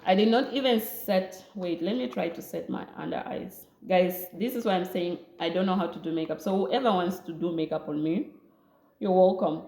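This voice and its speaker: A young woman vlogger from Namibia tells a story at a moderate pace, her voice on the low side, acting out people's words with animation. There's slight background noise and a roomy echo.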